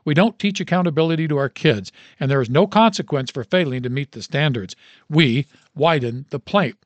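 A man, lightly acting on a dry, dull recording, speaks fairly quickly as a fiery old male baseball coach. He lectures a crowd of coaches in a booming, emphatic, preacher-like way.

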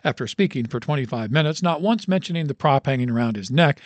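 A male host reading a story aloud in a plain, measured way. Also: mid-range voice, animated, no echo.

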